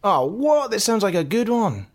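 A crude, sarcastic football executive, played by a man, his pitch swinging freely as he fires off swear words and dry put-downs. A lively comedy audio drama voice. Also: moderate pace. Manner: blunt, sarcastic and constantly swearing.

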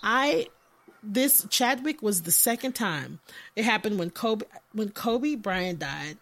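A woman hosting a podcast in casual chat. She is animated, laughs often and swears freely. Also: mid-range voice, takes it slowly. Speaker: podcast host interviewing guests.

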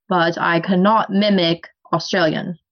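A young adult woman co-hosting a casual book podcast, talkative and quick to laugh. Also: fairly low pitch, fairly even intonation, dull audio. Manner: talkative, laughs often, tells personal stories. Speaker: podcast co-host. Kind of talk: casual book discussion chat.

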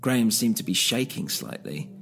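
Male narrator, first-person story, gravelly, steady, music bed. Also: on the low side, moderate pace. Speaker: narrator and podcast host.

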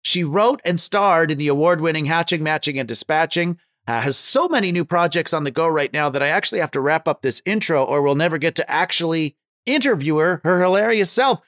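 Jokey higher-voiced male podcast host. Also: lively intonation, a little fast, dry recording, studio quality. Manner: jokey, laughs often, reads a warm intro. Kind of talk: casual interview chat.

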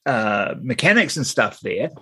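A man's voice: medium pitch, sing-song, measured pace, bright, forceful tone, husky. A New man co-hosting a casual podcast, rambling and restarting his sentences, laughing as he goes. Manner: rambling, self-interrupting, laughs often. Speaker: podcast co-host. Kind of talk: casual chat.

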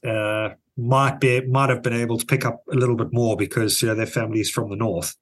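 A man with a South African accent co-hosts a casual podcast conversation, musing thoughtfully and often trailing off or restarting what he's saying. His medium-pitched voice is steady and his delivery brisk.

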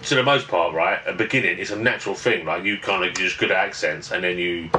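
A man's voice: sits low, quick pace. A man co-hosting a casual podcast who rambles and thinks aloud as he asks his questions. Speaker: podcast co-host. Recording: distant mic with clear hiss.

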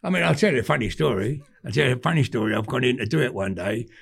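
An older man with a London accent, a podcast guest telling animated stories in cockney slang, swearing freely. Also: mid-range voice, rapid-fire. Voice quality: gravelly, husky. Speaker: podcast guest, former gangster. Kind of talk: casual storytelling.

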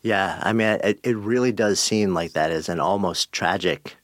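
A man's voice: deep voice, normal speed, no room sound, clean studio sound. A man hosting an interview, asking curious, searching questions with hedging fillers. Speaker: interview host. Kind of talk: podcast interview.

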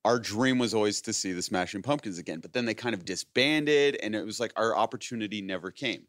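Brisk and fairly bright, his voice on the low side, a podcast host in his late thirties laughs his way through a long, rambling story and voices the people he quotes. The recording is clean studio sound with no room sound.

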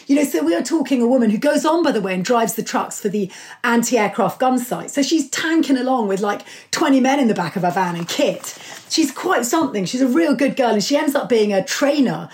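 A woman author speaking as a guest in an interview, telling history stories with enthusiasm and an animated manner. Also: fairly high pitch, brisk. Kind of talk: conversational interview.

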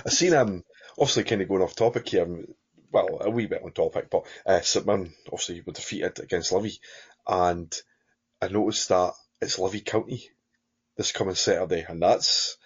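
A man's voice: sits low, moderate pace, slightly rough. A Scottish man co-hosting a football podcast, talking casually in long rambling turns full of fillers. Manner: rambling, many fillers and restarts, chuckling. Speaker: podcast co-host. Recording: dull lo-fi podcast audio.

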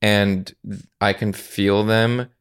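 Brief: deeper-voiced man co-hosting a movie podcast, jokey and candid. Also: level tone, slow, clear, resonant tone. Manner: playful, teasing and openly emotional. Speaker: podcast co-host. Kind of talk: casual film discussion.

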